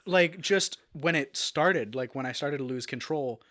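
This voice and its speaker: A man's voice: fairly high pitch, a little slow. Man telling a story with restarts. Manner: animated storyteller, many fillers and restarts. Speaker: guest, actor. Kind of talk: casual interview storytelling.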